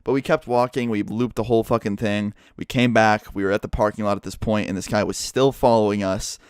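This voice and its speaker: A young man telling a story vlog to his subscribers, animated and profane, swearing freely as he goes. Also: lowish voice, a little fast, clear, resonant tone, no room sound, studio quality. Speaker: YouTuber.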